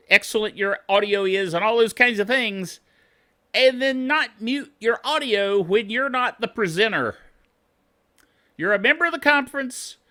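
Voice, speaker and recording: A man hosting a tech show, talking straight to camera in a lively, swooping voice with a bright, sharp edge. He gripes like a cheerful curmudgeon, chuckles a lot and keeps asking "okay?" between his tips. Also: high-pitched. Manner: griping, self-styled curmudgeon; chuckles often, tags lines with "okay?".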